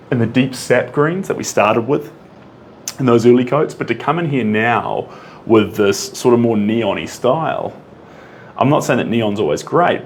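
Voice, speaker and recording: A man's voice: medium pitch, a little hiss or hum. A man painting on a live stream, humming to himself and chatting with viewers as he answers their comments. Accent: non-American English, rolled R. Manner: chatty, hums and sings to himself, reads out and answers chat comments. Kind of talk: casual live-stream chat while painting.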